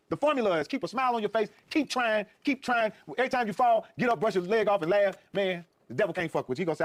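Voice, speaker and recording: A man's voice: sits high, animated, racing, no echo. A middle-aged man, a guest comedian, riffing and telling profane stories with emphatic, preachy repetition.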